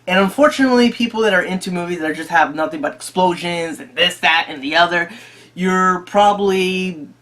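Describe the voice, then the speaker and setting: A movie reviewer talking casually to the camera, excitable, often repeating and restarting phrases. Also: medium pitch.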